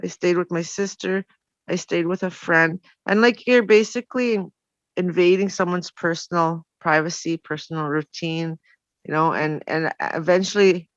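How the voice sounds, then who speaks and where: A woman's voice: sits low, no room sound. Woman telling her story, dull recording. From Canada. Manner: frank, rambling, with many "you know" fillers. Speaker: storyteller guest. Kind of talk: personal storytelling.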